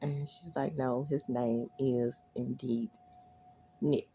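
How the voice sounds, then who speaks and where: A woman recapping a TV episode in a chatty, animated way, laughing often and squealing when she quotes lines. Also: rumbling low, takes it slowly, a little hiss or hum. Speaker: recap vlogger.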